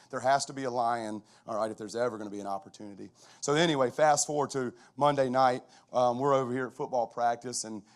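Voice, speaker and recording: Animated middle-aged coach telling a story. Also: male voice, mid-range voice. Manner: animated, conversational storytelling with frequent restarts. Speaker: football coach speaking at chapel. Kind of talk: storytelling chapel talk.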